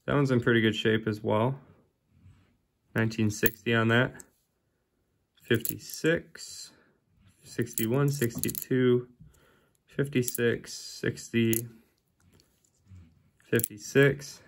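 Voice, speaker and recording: This coin roll hunting host speaks slowly with a creaky voice, fairly even intonation and long pauses. He sorts coins while casually narrating, reading off dates one by one in a low-key manner.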